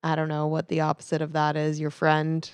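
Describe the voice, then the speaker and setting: A woman's voice: deep voice, a little fast, clean tone, no echo. A woman co-hosting a casual comedy podcast, telling stories animatedly and laughing often. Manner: animated storytelling, laughing, slips into voices. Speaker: podcast co-host.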